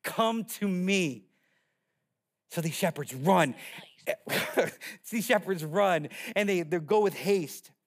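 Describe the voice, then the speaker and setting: A man, a pastor, preaching a sermon in an animated storytelling way, slipping into playful character voices. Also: high-pitched, slow pace.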